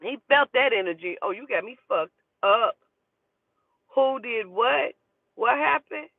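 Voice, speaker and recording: High-voiced woman telling a profane story. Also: measured pace, creaky, no echo. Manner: profane, animated and emphatic. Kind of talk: casual storytime monologue. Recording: tinny phone-like dry recording.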